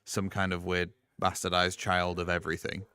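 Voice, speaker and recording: Man, mixed English accent, tournament co-commentator, chatty, self-deprecating, slightly low voice. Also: completely flat delivery, moderate pace, pushed and bright, smooth. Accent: English, northern mix. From England. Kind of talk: casual game commentary.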